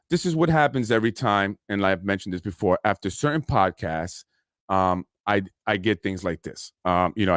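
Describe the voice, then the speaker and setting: A man's voice: lowish voice, dry recording, clean studio sound. A man hosting his own podcast, talking casually in an aggrieved, indignant, rambling way. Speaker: podcast host. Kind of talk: casual solo podcast monologue.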